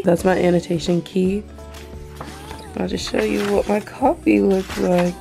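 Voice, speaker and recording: A young woman vlogging about books she read, emotional and gushing, talking in quick excited bursts. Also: mid-range voice, vocal fry, faint music behind. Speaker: book vlogger. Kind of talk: casual reading vlog chat.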